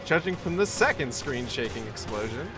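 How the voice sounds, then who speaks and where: A man talks through his game stream in loose, chatty commentary, dropping casual swears. His voice swings up and down lively at a middle pitch, with game music clearly audible behind him. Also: normal speed. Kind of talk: let's play commentary.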